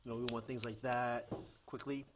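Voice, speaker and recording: A man's voice: medium pitch, flat delivery, normal speed, slight background noise. A man with a Boston accent co-hosting a podcast, rambling in casual chat with many fillers. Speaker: podcast co-host.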